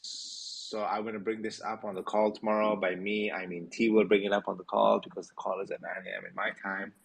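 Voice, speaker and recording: Tired, gravelly low-voiced man. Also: brisk, poor audio. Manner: relaxed, rambling, many fillers. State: tired, yawning. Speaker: host of a community Q&A. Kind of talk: casual live audio chat.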